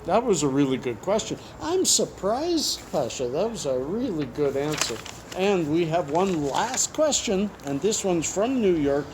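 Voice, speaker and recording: A man hosts a relaxed interview, reading viewer questions aloud and tossing in jokes and asides as he goes. His voice sits a little higher than most men's. A faint hiss of noise sits under it. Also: moderate pace. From Canada. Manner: chatty and joking, with frequent asides. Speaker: YouTube host.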